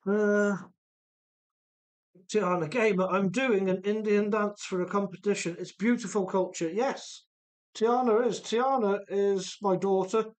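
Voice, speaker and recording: Here a casual male livestream host, accent a mix of Welsh and English Midlands, talks chattily through viewer comments while rebuilding an RC car. His voice is high and steady, delivered a little slowly.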